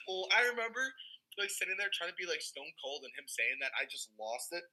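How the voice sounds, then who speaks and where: A young man chatting casually as a podcast panelist, telling animated stories full of fillers and swearing. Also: sits high, a little fast, low-quality recording. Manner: animated storytelling, heavy "like" fillers, swears freely. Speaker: podcast panelist, former player. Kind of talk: casual chat.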